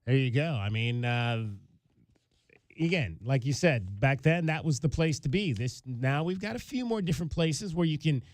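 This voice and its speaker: Man, sports radio host, casual chat, fairly high pitch, dry studio mic. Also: animated, normal speed, no room sound. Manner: conversational, with frequent fillers and restarts.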